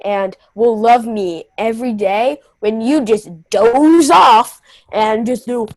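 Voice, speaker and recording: A woman's voice: a little high, slow, no room sound, poor audio. A young teen girl improvising a comedy scene on a video call, scolding with exasperated indignation. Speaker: improv camp performer.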